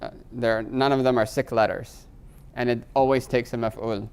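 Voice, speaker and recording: A male teacher lecturing a class on grammar, quizzing the students often and slowing down to spell out foreign terms. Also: mid-range voice, steady tone, darkish tone, smooth. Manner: quizzes students with frequent rhetorical "right?"; slows to spell out Arabic terms.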